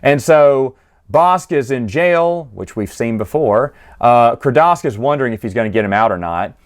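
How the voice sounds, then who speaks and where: Male book reviewer, mid pitch, relaxed chatty recap, acts out quotes. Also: normal speed.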